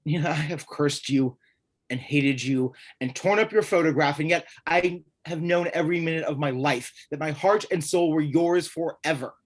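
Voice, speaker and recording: A man's voice: on the high side, normal speed, lightly acted. A man playing a lovesick, despairing young writer in a live streamed stage reading, speaking in an intense, pleading way. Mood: anguished.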